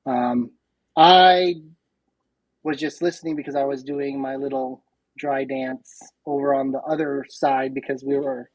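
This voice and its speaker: A woman's voice: extremely low pitch, steady tone, a little slow, darkish tone, no echo, lo-fi sound. A woman guest on a podcast, a chatty, self-deprecating storyteller in casual conversation. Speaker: podcast guest, competitive shooter.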